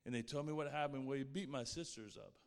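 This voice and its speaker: A man's voice: medium pitch, quick pace, vocal fry, in a large hall. A man sharing a personal faith testimony in an earnest, heartfelt way. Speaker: guest speaker sharing his testimony.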